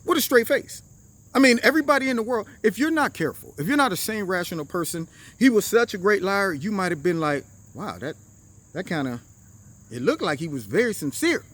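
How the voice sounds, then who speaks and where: Animated high-voiced man. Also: brisk. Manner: animated, slangy storyteller acting out quotes. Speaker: commentary show host. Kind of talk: casual political commentary and storytelling.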